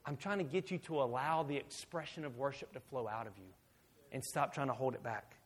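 A man preaching a sermon as pastor, swinging from hushed, intimate talk to loud, emphatic shouting. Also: mid-range voice, brisk, breathy edge.

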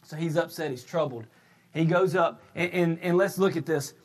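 A man preaching a sermon, shouting his emphatic points and then slipping into a loose, conversational retelling full of restarts. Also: fairly high pitch, moderate pace. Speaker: pastor.

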